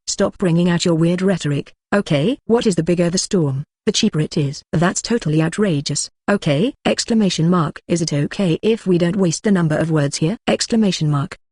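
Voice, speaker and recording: A synthetic narrator reads a translated web novel aloud in a flat, even delivery, speaking punctuation marks and symbols as words. The voice sits at a middle pitch. The sound is dry and close, with no room echo. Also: husky. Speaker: audiobook narrator.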